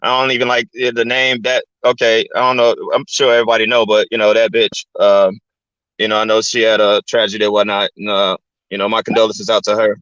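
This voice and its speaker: A man's voice: on the low side, level tone, fairly quick, a bit bright, dry recording. A man hosting his channel in a casual, rambling, profanity-filled rant, filling his talk with "man" and "you know what I'm saying". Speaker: channel host. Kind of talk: casual ranting monologue. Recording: dull, lo-fi dry recording.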